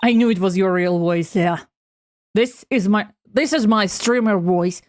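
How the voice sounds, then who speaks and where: A woman's voice: mid-range voice, a little slow, a little mellow, dry recording. A woman streamer chatting playfully and casually during a game stream. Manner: playful, giggly. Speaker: VTuber streamer.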